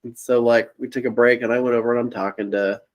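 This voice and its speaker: A man's voice: medium pitch, level tone, quick pace. A young man co-hosting a podcast, telling a rambling story in casual chat and laughing at his own punchlines. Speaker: podcast co-host.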